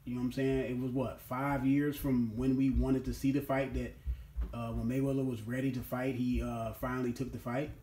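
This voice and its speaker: A man's voice: mid-range voice, level tone, normal speed, warm tone, slight background noise. A man hosting a casual boxing opinion monologue, talking emphatically and repeating his points. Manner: emphatic and repetitive, keeps asking "you know what I'm saying". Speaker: boxing commentary host. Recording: roomy echo.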